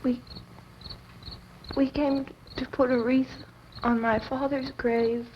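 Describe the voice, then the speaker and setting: A woman's voice: high-pitched, little pitch movement. Dazed, terrified young woman. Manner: dazed, halting, breaks into sobbing screams. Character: shocked young woman recounting a graveyard attack. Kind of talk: 1960s horror film acting. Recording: dull old home VHS tape, faint hiss.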